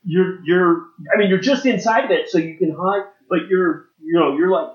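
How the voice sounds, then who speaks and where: Guy gm-ing a tabletop game, kinda high voice, rambles a bit, echoey room, muffled lo-fi audio. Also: moderate pace. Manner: loose, rambling narration with restarts. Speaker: game master. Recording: echoey room, dull lo-fi sound.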